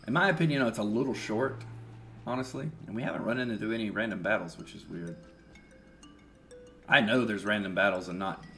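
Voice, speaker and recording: A man giving relaxed, chatty let's-play commentary, thinking aloud as he plays. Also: low-pitched. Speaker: streamer. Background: faint game music.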